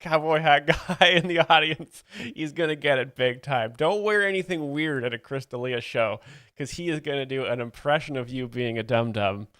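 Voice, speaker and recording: A man's voice: mid-range voice, normal speed, a bit bright, smooth, no room sound. A man hosting a livestream, chatting and laughing as he explains a comedy clip, on a close mic. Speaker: host reacting to a comedy clip. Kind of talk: livestream commentary.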